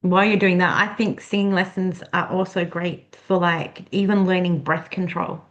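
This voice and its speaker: A woman's voice: fairly low pitch, level tone, moderate pace. A woman interviewer, friendly and encouraging, chatting casually with her guest. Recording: dull lo-fi sound.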